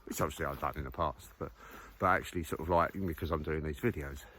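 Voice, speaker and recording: A man's voice: a bass voice, fast, bright, forceful tone, slight background noise. A man talking casually while walking outdoors, thinking aloud with lots of fillers and restarts. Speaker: vlogger. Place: outdoors on a muddy countryside walk.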